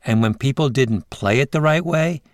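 A male podcast host narrating a scripted story in a measured way, with interview clips in between. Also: mid-range voice, no room sound, studio quality.

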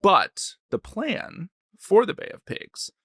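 Bright-toned, playful podcast co-host. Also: male voice, high-pitched, wildly swooping pitch, slow pace, no echo, clean studio sound. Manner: playful, teasing, then explanatory storytelling. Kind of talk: casual chat.

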